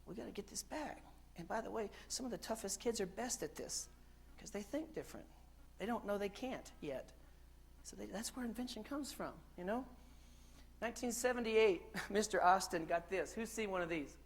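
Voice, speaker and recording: A man from the United States giving a conference keynote in a lively, joking storytelling way, asking the crowd questions. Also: sits high, normal speed, creaky. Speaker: keynote speaker. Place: conference hall stage.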